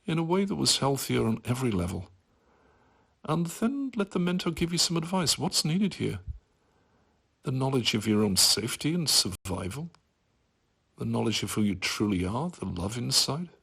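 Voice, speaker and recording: Gravelly husky guy talking you thru a visualization, voice swoops around a lot. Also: medium pitch, fairly bright tone. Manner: slow, soothing guidance with playful rising bursts. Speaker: guided visualization facilitator. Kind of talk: guided visualization.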